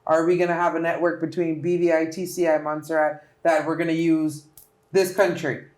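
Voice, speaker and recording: A woman's voice: deep voice, flat delivery, a little fast, a little mellow. Woman politician, Turks and Caicos accent, earnest and emphatic, echoey room. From Turks and Caicos Islands. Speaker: politician guest. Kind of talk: interview answers.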